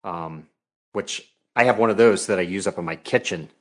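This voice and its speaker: A relaxed man chatting casually as host. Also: deep voice, moderate pace. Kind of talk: casual chat.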